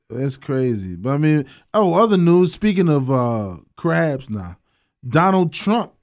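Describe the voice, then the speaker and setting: A man's voice: on the high side, a little mellow. Joking man hosting sports radio. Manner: loose, joking, laughs often, trails off mid-sentence. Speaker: radio sports show host. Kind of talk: casual sports talk radio banter.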